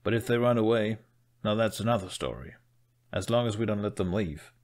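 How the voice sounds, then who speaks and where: A man's voice: on the low side, brisk, a little mellow, natural voice. A man reading a fan fiction story aloud, voicing a surly, suspicious middle-aged warrior who talks curtly. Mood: scheming. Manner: curt, dismissive.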